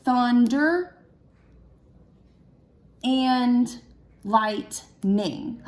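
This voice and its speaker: A young woman teacher giving a recorded lesson to second graders, patient and slow, sounding out words syllable by syllable. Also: a little high.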